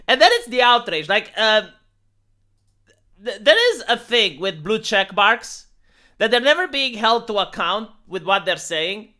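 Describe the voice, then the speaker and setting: Sharp-voiced streamer man. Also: sits high, very animated, measured pace. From Romania. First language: Romanian. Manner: rambling, sarcastic, many restarts. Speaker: live streamer. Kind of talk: casual live stream commentary.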